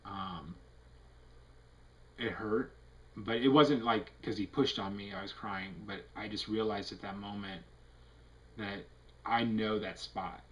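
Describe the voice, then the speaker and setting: A man's voice: fairly low pitch, steady tone, slow, pauses often, low-quality recording. A man giving a casual, candid health update to a webcam, rambling through fillers and restarts in an earnest way. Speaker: vlogger.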